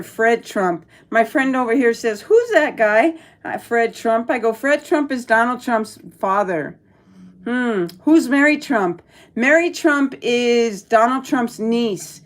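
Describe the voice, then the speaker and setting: A middle-aged woman from El Paso, Texas, hosting a casual live stream, reading chat aloud and answering bluntly with plenty of swearing. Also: a little high. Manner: blunt, profane, talks back to chat. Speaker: livestream host reading chat.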